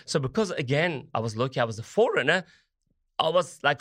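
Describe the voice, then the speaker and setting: A man, speaking English as an as an interview guest. He tells his stories in an animated way and acts out the dialogue. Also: a little high, fast, no room sound, clean studio sound. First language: French. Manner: animated, acts out dialogue, non-native grammar. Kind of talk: interview storytelling.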